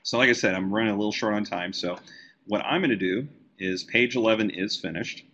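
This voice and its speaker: A man who letters comic books, teaching a live software tutorial and talking easily as he works on screen. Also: lowish voice, a little fast, muffled recording. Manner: relaxed, talks while working on screen. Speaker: comic book letterer and design educator.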